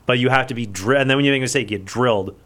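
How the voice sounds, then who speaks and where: A man's voice: medium pitch, rapid-fire, a bit bright. A man in his forties, a guest on a radio talk show, chatting in a rambling way with many restarts. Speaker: guest speaker. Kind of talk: casual radio guest chat.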